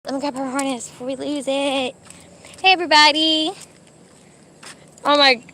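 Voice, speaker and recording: With slight background noise, a young pregnant vlogger with service dogs talks fairly quickly in a high, bright, forceful voice with a flat delivery. She's at an outdoor dog park, chatting casually to her live stream, giving commands to her dogs, and sounding a little out of breath from the heat.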